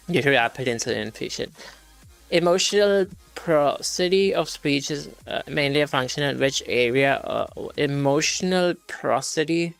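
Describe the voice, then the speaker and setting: A man's voice: mid-range voice, creaky, a bit bright. A male streamer reading practice questions aloud and working through them casually, swearing when frustrated.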